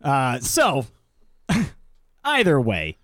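Thirties male podcast co-host, medium pitch, rambling casual delivery, dead dry sound. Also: wildly swooping pitch, very slow, a bit bright, no echo. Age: 30s. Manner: loose, profane, rambling with restarts.

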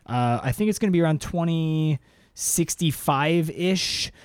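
A man co-hosting a casual comedic podcast chat, jokey and profane, sometimes jumping into high silly voices. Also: measured pace, clean tone, no room sound, studio quality. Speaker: podcast co-host.

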